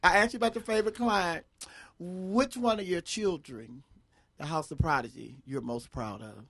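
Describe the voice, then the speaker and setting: A man's voice: high voice, moderate pace, creaky, fairly bright tone. A radio host, presenting as a man, chatting with a guest in a studio, sassy and flamboyant, calling people honey. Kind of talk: radio interview chat.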